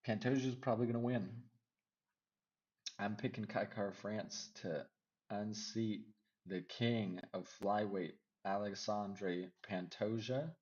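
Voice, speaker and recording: A man giving casual MMA fight predictions, rambling and second-guessing himself out loud. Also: on the low side, steady tone, slow, highs cut off. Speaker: MMA fight picks vlogger.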